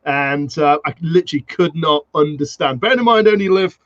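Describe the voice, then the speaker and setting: A man's voice: on the high side, no echo, muffled recording. A man hosting a podcast, chatting casually and agreeing eagerly with his guest. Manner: enthusiastic, quick to agree. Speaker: podcast host. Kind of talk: casual interview chat.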